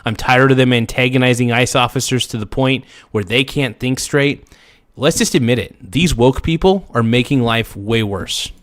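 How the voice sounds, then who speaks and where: A man's voice: medium pitch, moderate pace, a bit bright. A man hosting a show, reacting angrily to footage in a heated political rant that keeps repeating itself. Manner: angry, ranting, repeats himself.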